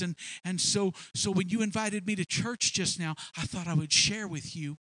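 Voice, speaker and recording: A man's voice: sits high, lively intonation, moderate pace, few pauses, fairly bright tone, no echo, low-quality recording. A man preaching a sermon, repeating words often and acting out both sides of imagined conversations. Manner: repeats words, acts out dialogue in quoted voices.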